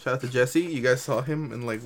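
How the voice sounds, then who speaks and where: A man's voice: mid-range voice, brisk, a little hiss or hum. A young man co-hosting a casual podcast, joking and laughing with his friends. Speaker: podcast co-host. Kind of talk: casual chat.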